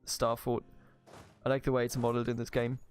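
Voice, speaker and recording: Man, German accent, joking gaming commentary, thinks out loud, music faint behind. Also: mid-range voice, completely flat delivery, brisk. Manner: chatty, jokey, thinks aloud with restarts. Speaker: gaming YouTuber. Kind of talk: strategy game let's play commentary.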